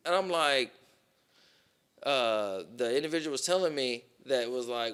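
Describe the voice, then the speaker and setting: A man on a podcast telling a long story in casual, profane talk, with plenty of "boom" and "right?". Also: a little slow, a bit bright, clear, resonant tone. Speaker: podcast co-host.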